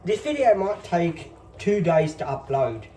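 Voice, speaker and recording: A man in his fifties talks casually to his viewers in a mellow, fairly high voice, wandering through his thoughts with plenty of ums. He sits a little back from the phone recording him. A faint room hum runs underneath. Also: very animated, a little slow, recorded from a distance. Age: 50s. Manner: rambling, filler-heavy, reassuring. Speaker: channel host. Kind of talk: casual phone vlog monologue.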